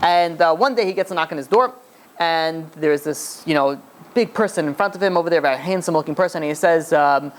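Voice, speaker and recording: A man, a rabbi, telling a story in a lecture with animated delivery and frequent restarts. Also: fairly high pitch, fairly quick.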